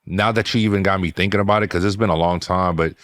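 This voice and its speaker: Deep-voiced slangy man. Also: fairly even intonation, fast talker, fairly bright tone. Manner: slangy, full of "you know what I'm saying". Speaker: podcast co-host. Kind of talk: casual chat.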